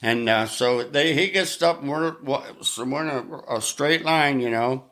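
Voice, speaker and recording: A man's voice: mid-range voice, moderate pace, fairly bright tone. An older man, a guest musician, telling anecdotes in a casual chat and acting out the voices of the people he quotes. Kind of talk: casual storytelling.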